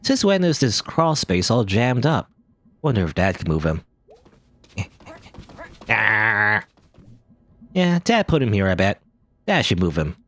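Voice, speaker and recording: A man's voice: fairly low pitch, slow, long pauses, heavily acted. Man reading as a sarcastic young woman. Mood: musing. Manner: deadpan, sarcastic. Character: sulky sarcastic young woman back home.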